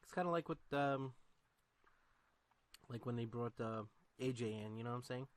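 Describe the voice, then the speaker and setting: A man's voice: medium pitch, normal speed, dry recording. A man co-hosting a casual podcast, talking in a laid-back way that leans on "you know" and "like". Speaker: podcast co-host. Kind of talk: casual wrestling chat.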